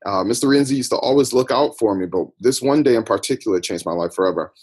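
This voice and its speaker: A man's voice: on the low side, fast, a little mellow, husky. A man from the United States, a podcast guest, recounting his life story in a reflective, personal way. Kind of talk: interview storytelling.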